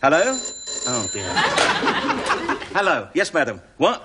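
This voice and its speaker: A cheeky burglar. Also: male voice, a little high, wildly swooping pitch, slow pace, heavily acted. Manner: chatty, bluffing, full of tag questions. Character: cheeky middle-aged male burglar bluffing as a doctor. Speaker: comic actor in a sketch. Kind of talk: television sketch comedy acting. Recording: noisy old TV recording.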